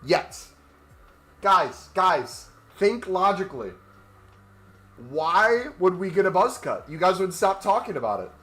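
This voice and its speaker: A man's voice: sits high, sing-song, moderate pace, fairly bright tone, soft background music. A man chatting casually on a gaming livestream, rambling and joking while he walks on a walking pad. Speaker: gaming streamer.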